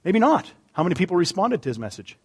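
Animated, high-voiced male pastor. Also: quick pace, slightly rough. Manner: animated, humorous, swings between loud emphasis and quiet asides. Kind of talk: sermon.

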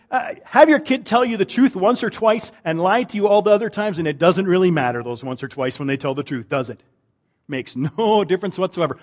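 Animated male pastor preaching a sermon. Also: fairly high pitch. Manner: animated preaching, swinging from loud emphasis to quiet, drawn-out lines.

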